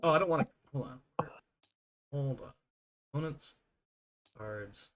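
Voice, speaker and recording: A man's voice: medium pitch, measured pace. A man narrating a tabletop game as game master, chatty and self-deprecating, laughing often.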